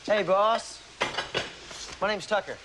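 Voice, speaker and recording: A cocky young debate champion, smooth and teasing in a film. He speaks easily and needles the newcomer with a grin. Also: sits high, slow pace, noisy background. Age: young adult. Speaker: star college debater.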